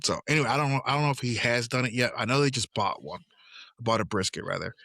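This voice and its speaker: A man's voice: medium pitch, quick pace, vocal fry, no room sound. A middle-aged man co-hosting a podcast, telling family stories in a casual chat and acting out the dialogue. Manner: animated, acts out quoted dialogue. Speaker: podcast co-host.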